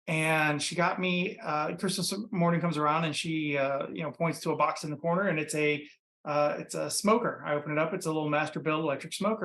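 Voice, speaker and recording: A man from Ohio, a podcast guest and pitmaster, telling his story in a relaxed, rambling way full of fillers. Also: on the high side, brisk, reverberant. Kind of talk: casual interview storytelling. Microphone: computer mic.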